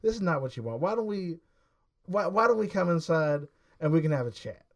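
A man's voice: fairly high pitch, big pitch swings, fairly quick. A man playing a glib con-man salesman. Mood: wheedling. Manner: glib, wheedling sales patter. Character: smooth-talking male con man, pushy salesman.

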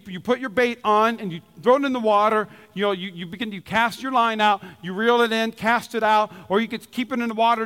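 A pastor from Minnesota preaching a sermon with humorous stories, repeating key lines for emphasis. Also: male voice, high-pitched, fairly bright tone, long reverb tail. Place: church.

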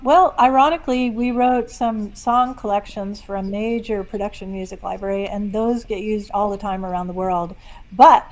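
A woman guest songwriter chatting in an interview, telling stories in a lively way. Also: mid-range voice, normal speed, rough recording. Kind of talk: casual interview chat.

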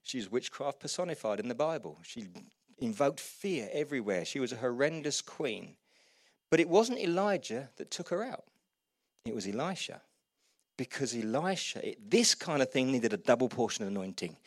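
A man preaching a sermon, retelling Bible stories with humour and animated quoted voices. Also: mid-range voice, normal speed, no room sound, clean studio sound. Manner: lively storytelling, voices quotes, laughs at own jokes.

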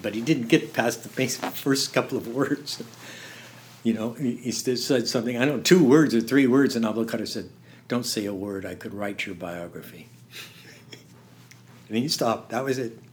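An older man telling stories in an interview, halting and laughing, dropping to a hush when he quotes someone. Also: mid-range voice, slight background noise. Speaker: interview guest. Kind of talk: storytelling in conversation.

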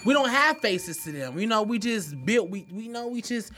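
A man's voice: high voice, expressive, normal speed, crowd noise. A man hosting a casual podcast, talking in a laid-back, conversational way and agreeing readily. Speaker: podcast host.

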